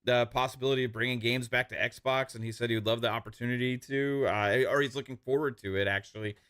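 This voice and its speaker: A man with an average-pitched but bright, sharp-edged voice talks on a casual gaming podcast. He hesitates often and keeps restarting his sentences with uhs. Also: steady tone, quick pace, clear, resonant tone. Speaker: podcast co-host.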